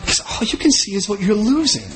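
A man preaching a sermon in an animated way, acting out the voices of the people he quotes. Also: sits high, quick pace, faint music behind. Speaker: pastor.

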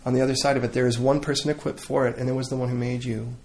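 A middle-aged man preaching a sermon and leading a closing prayer, in an earnest, conversational way with frequent pauses and restarts. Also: medium pitch, flat delivery, a little mellow, a little hiss or hum. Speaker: pastor.

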